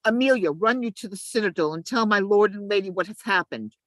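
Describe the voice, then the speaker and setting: For an amateur play reading, a woman voices a conniving male ensign, moving from urgent shouting to quiet asides. The recording is dry, her pace a little fast, and her acting light.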